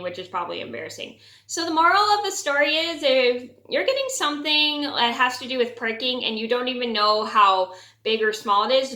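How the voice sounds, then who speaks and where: A woman's voice: medium pitch, bright, forceful tone. A young woman telling a personal story in a chatty vlog, with many fillers and restarts. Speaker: vlogger. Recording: echoey room.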